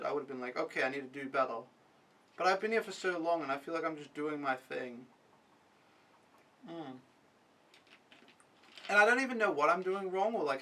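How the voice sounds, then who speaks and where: A man's voice: on the high side, pushed and bright, distant mic, low-quality recording. A young man recapping his week as an au pair in a casual vlog, talking frankly and swearing freely. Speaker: au pair vlogger.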